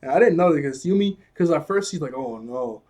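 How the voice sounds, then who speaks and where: A young man casually recapping a cartoon episode, rambling and laughing often as he acts out the characters' lines in quick voices. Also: a little high, a little mellow. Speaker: video reviewer.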